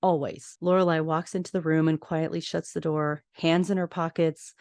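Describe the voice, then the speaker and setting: Chatty woman podcaster with a lowish voice. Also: normal speed, no echo, studio quality. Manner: chatty and expressive, jumping between narration and opinion. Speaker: podcast host. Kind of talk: casual episode recap. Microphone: podcast microphone.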